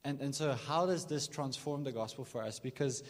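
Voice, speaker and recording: A man's voice: medium pitch, moderate pace. Man preaching in a reverberant hall. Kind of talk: sermon. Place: church during a morning service. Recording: long reverb of a large hall.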